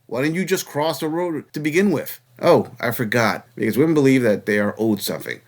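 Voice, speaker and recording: A man delivering reaction commentary with a sarcastic, mocking edge. He lectures in a mid-pitched, ordinary male voice, scolding rather than chatting. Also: expressive, fairly quick. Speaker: channel host reacting to clips.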